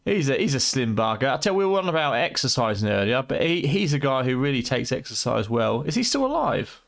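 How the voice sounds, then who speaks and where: A man with a British accent hosts a late-night game stream from home, bantering with his chat and swearing freely. His voice sounds tired and worn from the long night, sitting at an ordinary middle pitch. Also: animated, fast, creaky. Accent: British English. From United Kingdom. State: tired, voice going.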